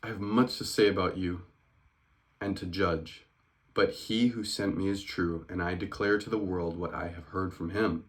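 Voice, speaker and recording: A man reading the words of Jesus aloud from scripture in a plain, earnest way, close to his own voice, sometimes quickening. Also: sits low, steady tone, lightly acted. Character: Jesus, grown man, calm teacher.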